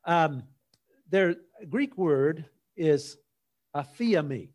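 Slow, folksy male pastor. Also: fairly high pitch, expressive, a little mellow. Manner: folksy, unhurried storytelling with jokes. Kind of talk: sermon.

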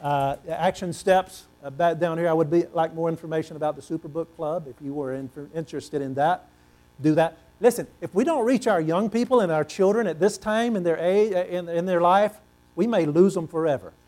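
Pastor guy preaching, kinda high voice, goes loud then drops way down quiet, repeats stuff for emphasis. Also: brisk. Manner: animated, swings between loud and hushed; repeats words for emphasis, asks the congregation questions. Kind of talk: sermon.

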